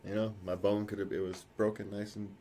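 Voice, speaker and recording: A man's voice: fairly low pitch, flat delivery, fairly quick, mellow. A man co-hosting a casual talk show, rambling and correcting himself, chuckling often. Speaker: podcast co-host. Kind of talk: casual chat.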